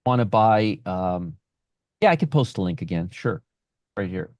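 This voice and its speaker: A man's voice: deep voice, animated, unhurried, darkish tone, no echo. A man hosting a live stream on options trading, brash and sarcastic, answering viewers from the chat by name.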